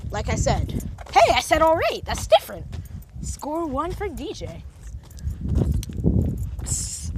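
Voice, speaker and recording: Out and about with her phone, a young woman rambles through a casual vlog monologue, correcting herself and leaning heavily on fillers. Her voice is on the high side, and the background is noisy.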